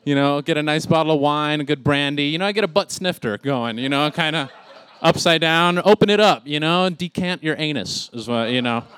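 A man's voice: a little high, fairly quick, hardly any pauses, fairly bright tone, clean tone. A man in his thirties doing a rambling stand-up set, laughing at his own jokes. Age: 30s. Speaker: stand-up comic.

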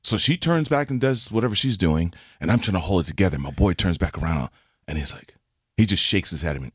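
Quick-paced and slightly rough, a forties-aged man co-hosting a podcast recounts a funny story in casual conversation. The studio-quality audio has no room sound, and he animatedly acts out each quoted voice with big jumps in pitch.

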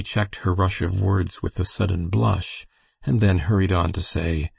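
A man reading a novel aloud as an audiobook narrator, with steady, unhurried storytelling. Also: sits low, gravelly, slightly rough, no echo. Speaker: audiobook reader. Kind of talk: scripted narration.

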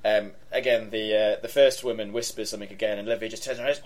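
Relaxed man running a tabletop game. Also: lowish voice, very fast, few pauses. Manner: relaxed, full of fillers. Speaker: game master.

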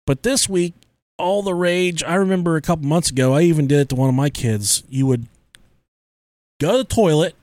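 A young man hosting a casual podcast, joking crudely and swearing freely. His voice sits a little high. The sound is dry and close, with no room in it. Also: fairly quick, darkish tone, dry recording. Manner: crude, joking, swearing often, frequent laughter. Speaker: podcast host.

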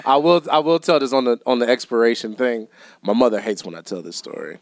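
A man's voice: mid-range voice, fast talker, slight background noise. A man co-hosting a podcast in a studio, chatting casually and telling stories with lots of laughter. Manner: animated storyteller, laughs often. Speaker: podcast co-host. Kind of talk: casual chat.

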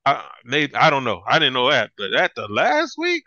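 A man co-hosting a sports podcast in casual chat, animated and ranting, often breaking into laughs. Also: medium pitch, normal speed, no echo. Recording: dull lo-fi dry sound.

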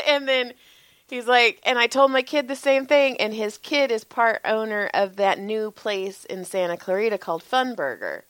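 A woman's voice: fairly high pitch, moderate pace, no echo. A woman in her forties telling casual stories with lots of swearing, frequent laughter and acted-out quotes. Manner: animated, profane, laughs often, acts out quotes. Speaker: podcast co-host, massage therapist. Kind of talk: casual storytelling chat.

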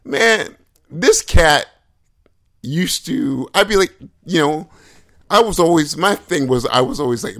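A man's voice: a little high, sing-song, moderate pace, a bit bright. A man in his forties, co-hosting a podcast in casual chat, telling stories animatedly, acting out voices and swearing freely. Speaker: podcast co-host.

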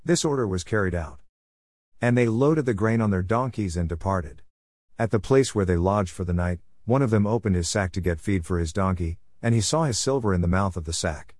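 A man reading scripture aloud in a steady, measured way, lifting his voice a little for quoted speech. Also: low voice, no room sound, studio quality. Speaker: Bible reader.

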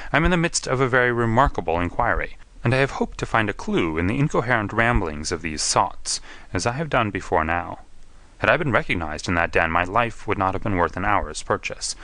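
A man voicing a sharp, commanding male detective, speaking in a quiet, precise and assured way. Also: on the low side, no room sound. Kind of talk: audiobook character reading.

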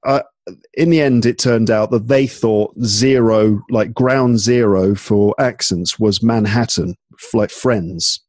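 A tired man from England with an English accent, chatting casually and talking in halting bursts full of restarts and fillers. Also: on the low side, a little mellow, no echo, clean studio sound. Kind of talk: casual chat. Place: home in Paris at night.

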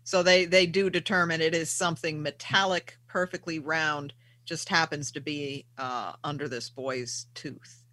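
A male host with a bright, forceful voice and a somewhat high pitch leads an interview. He recaps the guest's points and addresses the audience directly. The sound is dry and close. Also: steady tone, measured pace, no echo. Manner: sums up and prompts the guest. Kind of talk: interviewer on a talk show.

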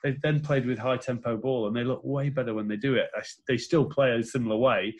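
A man's voice: mid-range voice, steady tone, fast. A man co-hosting a podcast who talks through rugby plays in detail in casual chat. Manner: detailed play-by-play analysis. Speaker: podcast co-host.

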